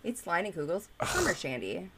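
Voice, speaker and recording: A woman's voice: lowish voice, sing-song, fairly quick. Giggly woman chatting, noisy background. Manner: giggly, laughs often. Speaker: podcast co-host. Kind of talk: casual group chat.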